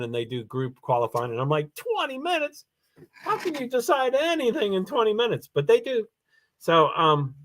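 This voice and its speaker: A man's voice: on the high side, fairly bright tone. A tired man hosting a casual livestream, rambling with many fillers as he reads out names and chats to viewers. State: tired, yawning. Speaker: livestream host.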